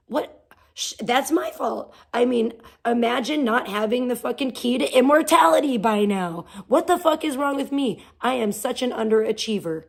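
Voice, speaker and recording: A woman's voice: a little high, animated, normal speed, a little mellow. A woman hosting a livestream, venting casually with profane, sarcastic rants and talking to her chat. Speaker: livestream host.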